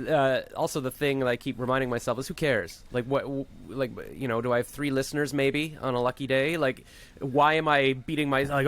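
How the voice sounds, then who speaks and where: A man's voice: medium pitch, fairly bright tone. Rambling jokey male podcast host. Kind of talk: casual chat.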